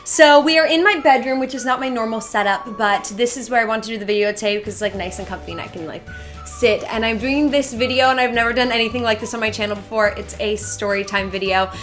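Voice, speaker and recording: With soft music playing behind her, a young woman on YouTube talks fast through a casual bedroom storytime, leaning heavily on "like" and other fillers. Her voice is a little high and fairly bright.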